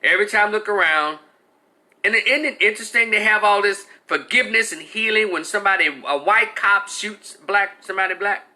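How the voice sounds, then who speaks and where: A man's voice: high-pitched, brisk, bright, forceful tone. A man giving a heated, blunt and profane opinion rant, talking in an exasperated way. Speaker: commentator.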